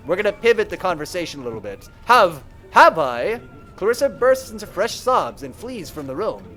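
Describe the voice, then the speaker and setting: A young man streaming a narrative game live, chatting and thinking aloud in an animated way. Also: high voice, fast talker, soft background music. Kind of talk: live gameplay commentary.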